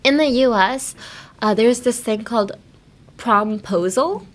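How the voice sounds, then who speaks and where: A woman's voice: fairly high pitch, unhurried. Playful giggly young woman. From United States. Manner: playful, giggly, switching between English and Japanese. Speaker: podcast host. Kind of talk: bilingual casual teaching chat.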